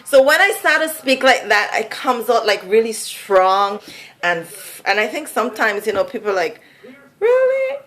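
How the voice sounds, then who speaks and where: In a low-quality recording, a Vincentian woman from Saint Vincent gives a casual vlog monologue at normal speed. Her voice is on the high side and fairly bright, with a sing-song, musical flow and plenty of laughter.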